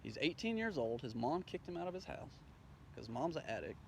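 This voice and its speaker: A man's voice: a little high, sing-song, a little fast, vocal fry, a little hiss or hum. A man telling a rambling, profane story in a casual way, acting out the dialogue as he goes. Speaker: storyteller recounting his day.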